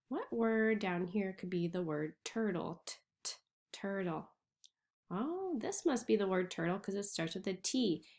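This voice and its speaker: Slow, patient woman teaching reading. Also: medium pitch, a little mellow. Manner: slow, clearly sounding out letters. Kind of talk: reading lesson for young children.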